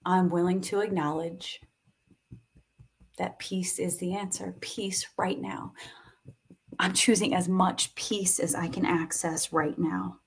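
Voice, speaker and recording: Woman, lowish voice, unhurried live tapping guide who talks softly and sighs between cues. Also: fairly even intonation. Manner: slow, soothing, sighing between cues.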